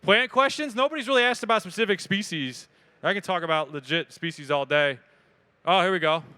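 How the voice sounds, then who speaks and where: This is a man, giving a live talk at an expo and fielding questions from the crowd. His voice sits high, bright and very clear. He talks casually and with lots of energy, cracking jokes. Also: lively intonation, brisk. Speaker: speaker answering audience questions. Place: event hall with audience.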